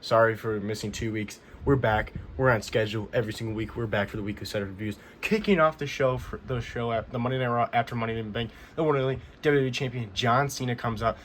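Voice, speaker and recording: A man's voice: medium pitch, fairly even intonation, fast talker, few pauses, a little hiss or hum. A man casually recapping a show as a vlog host, rambling and repeating himself as he retells what happened. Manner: rambling, repeats "he goes" often. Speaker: wrestling recap vlogger.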